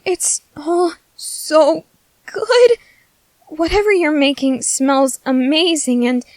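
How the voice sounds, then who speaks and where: A woman's voice: high-pitched, no echo. Sasha, a woman voicing a melodramatic glutton girl. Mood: whiny. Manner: whiny, melodramatic, easily sidetracked. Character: food-obsessed teen girl soldier, dramatic. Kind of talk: ASMR audio drama.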